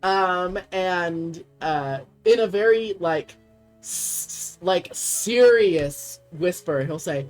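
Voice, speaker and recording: A woman narrating as game master, relaxed and chatty, with frequent fillers and laughs. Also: lowish voice, very slow, soft background music.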